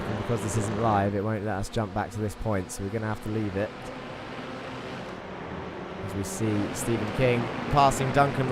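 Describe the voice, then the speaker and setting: Brief: man, race caster for online sim racing, chatty and excitable, mid-pitched, loud car engine noise running under the voice. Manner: chatty, excitable, reads out viewer chat. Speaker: race commentator and host. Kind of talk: live sim racing commentary.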